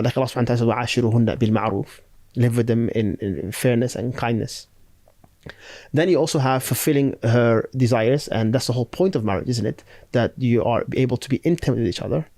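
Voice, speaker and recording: A man's voice: mid-range voice, rapid-fire, a little mellow, no echo. A man who is an Islamic scholar, explaining duties in a podcast with Arabic terms. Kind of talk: religious podcast discussion.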